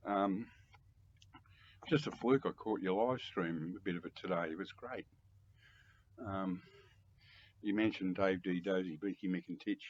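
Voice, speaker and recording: Older Australian bloke in his seventies, low husky voice, rambling chatty vlog, dull lo-fi sound. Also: unhurried, long pauses. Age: 70s. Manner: chatty, rambling, chuckling, frequent throat-clearing. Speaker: music collector video host. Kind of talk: casual rambling monologue to camera.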